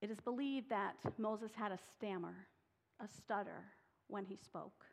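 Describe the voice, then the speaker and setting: A woman's voice: medium pitch, unhurried, vocal fry. A woman preaching a sermon, reading scripture dramatically and voicing the people she quotes with rising intensity. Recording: long hall reverb.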